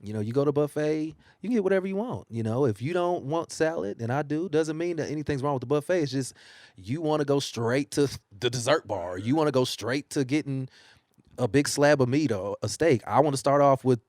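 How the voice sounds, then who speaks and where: A man's voice: medium pitch, brisk, no echo. Singer guy telling stories in an interview, laughs a lot, mid voice, dry sound. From United States. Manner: animated storytelling, laughs often. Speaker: singer and guest. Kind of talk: casual interview. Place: newspaper studio.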